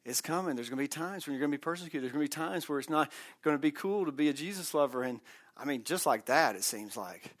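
A man leads a Bible study, his voice a touch higher than most. He talks in a loose, conversational way, reading passages aloud and stopping to explain them in plain words. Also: expressive, quick pace. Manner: conversational, reads scripture aloud with asides. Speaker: Bible class teacher.

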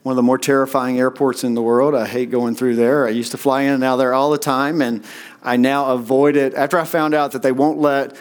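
A middle-aged man preaching a sermon in a relaxed, conversational storytelling way, with frequent "uh" fillers. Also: mid-range voice, brisk, smooth. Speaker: pastor.

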